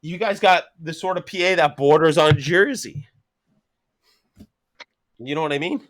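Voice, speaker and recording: Podcast guest, man in his thirties, slightly raised pitch, animated profane storyteller who plays out every quote. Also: measured pace. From Canada. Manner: animated, swears constantly, laughs mid-sentence, acts out quotes. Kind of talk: casual storytelling chat.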